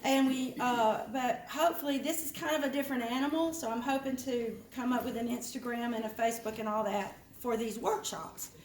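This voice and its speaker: A woman's voice: on the high side, steady tone, fairly quick, few pauses, slight background noise. A woman making a chatty, rambling announcement to a meeting, often laughing. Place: meeting room of an art association. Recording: roomy meeting hall.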